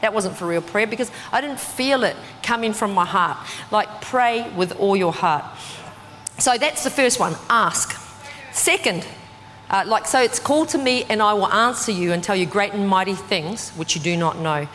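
A woman preaching a sermon in a conversational, animated way, full of casual fillers. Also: mid-range voice, moderate pace, a little hiss or hum. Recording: distant voice with long hall reverb.

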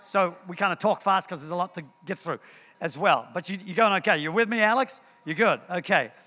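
A man preaching a sermon in a church, telling stories in an animated way and repeating words as he acts scenes out. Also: high voice, a little fast. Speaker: pastor. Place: church hall. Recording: long hall reverb.

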